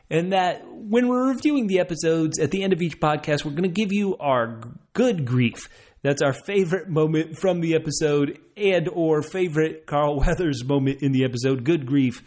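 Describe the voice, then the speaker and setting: A man hosts a podcast in easy, conversational chat. He is enthusiastic and laughs often as he talks. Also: on the high side. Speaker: podcast host.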